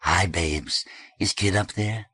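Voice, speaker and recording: A man voicing a gentle, easygoing young woman in an audiobook, speaking softly. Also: low voice, takes it slowly, slightly rough, dry recording, clean studio sound, full character voice. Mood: easy.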